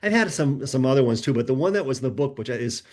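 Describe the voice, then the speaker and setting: A middle-aged man, a guest author on a podcast, telling personal stories in a lively conversational way and recounting dialogue as he goes. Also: medium pitch, quick pace. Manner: animated storyteller, recounts conversations in a lively back-and-forth. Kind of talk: conversational storytelling.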